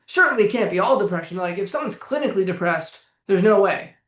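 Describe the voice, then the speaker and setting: A man's voice: high-pitched, quick pace, few pauses, fairly bright tone. A man coaching on anxiety in a live-streamed talk, blunt, emphatic and full of swearing. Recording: echoey room.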